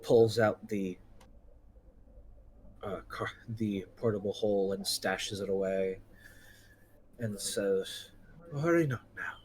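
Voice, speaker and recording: A man narrating a tabletop game as game master, describing the scene slowly. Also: fairly low pitch, level tone, a little mellow, a little hiss or hum, rough recording. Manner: slow, drawn-out descriptive narration.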